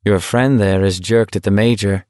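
A man voicing a cool, sly young male walker in an audiobook, calm and knowing. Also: on the low side, moderate pace, smooth, no room sound, clean studio sound, natural voice.

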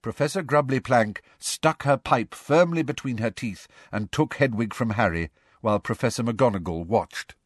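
This male narrator gives a storybook an expressive, storytelling reading from a script. He speaks at normal speed in a mid-range voice, captured as clean studio audio with no echo.

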